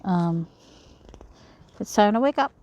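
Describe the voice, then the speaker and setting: A woman's voice: medium pitch, expressive, slow, a little mellow. A young woman giving casual commentary while playing a story game, chatty and giggly, swearing casually. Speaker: game player reading aloud. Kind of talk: casual let's-play commentary.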